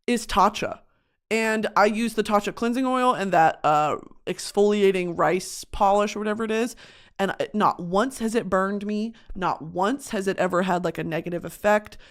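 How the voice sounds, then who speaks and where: Dramatic, swearing young woman vlogger. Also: mid-range voice. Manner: profane, dramatic, shrieks and laughs, comic voices. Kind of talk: casual confessional vlog rant.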